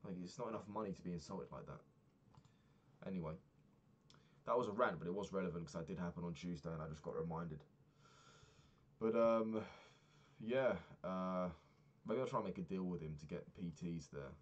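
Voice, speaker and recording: A man's voice: sits low, lively intonation, normal speed, pauses often, highs cut off. A man talking through his week in a casual diary vlog, rambling and swearing freely as he rants. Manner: rambling, profane ranting. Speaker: vlogger.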